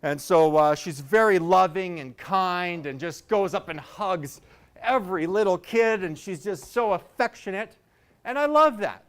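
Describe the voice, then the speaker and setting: Smooth-voiced comic dad. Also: male voice, high-pitched, a bit bright. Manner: loose, rambling storytelling with self-mocking asides. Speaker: stand-up comedian. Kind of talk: stand-up comedy set.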